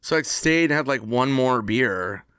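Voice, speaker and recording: A man's voice: mid-range voice, expressive, unhurried, noisy background. A man casually telling a story, acting out the voices of the people in it and swearing freely. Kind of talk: casual anecdote.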